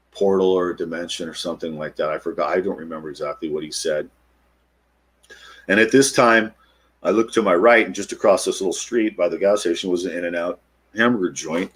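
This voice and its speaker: A middle-aged man, a podcast guest, retelling a personal encounter in an animated way and acting out the quotes. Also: low voice, husky. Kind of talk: storytelling interview.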